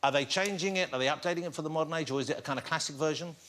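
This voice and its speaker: A man's voice: fairly high pitch, very fast, fairly bright tone. An English man hosting a talk show, chatting with a guest in a jokey, teasing way and laughing often. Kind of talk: chatty interview. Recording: studio audience faintly behind.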